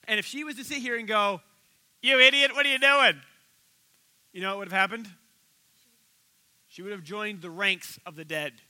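A male pastor delivers a sermon with a high, sharply bright voice. He retells stories animatedly, jumping into the voices of the people in them. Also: a little fast, pauses often, rough recording. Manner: animated storytelling, acting out quoted voices.

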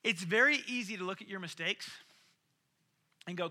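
A man preaching a sermon in an animated way, acting out the voices of the people he quotes and swinging from loud to soft. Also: high voice, normal speed, long pauses. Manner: animated, acts out quoted voices, varies loudness widely. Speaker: pastor.

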